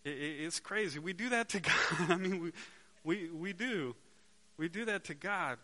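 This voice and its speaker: Bright-voiced man preaching conversationally. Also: high voice, animated, moderate pace. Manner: conversational, repeats words while searching for them; rhetorical questions to the congregation. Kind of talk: sermon to a live congregation.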